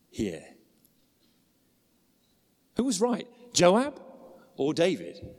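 A man preaching a sermon with expressive emphasis and rhetorical questions. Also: medium pitch. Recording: long hall reverb.

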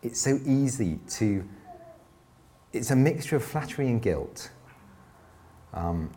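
A middle-aged man preaching a sermon in a conversational, self-deprecating way, with quick asides. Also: mid-range voice, animated, warm tone, slight background noise.

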